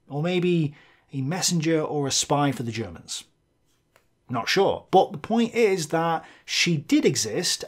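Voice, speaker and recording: Male history narrator, mid pitch, scripted and explanatory, with dry humour. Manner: measured, explanatory, with dry asides. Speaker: history video host.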